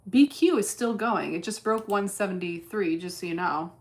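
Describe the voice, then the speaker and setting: A woman's voice: mid-range voice, normal speed. A woman streaming her day trading in casual chat, blunt and cursing freely as she thinks aloud. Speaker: livestreamer trading stocks.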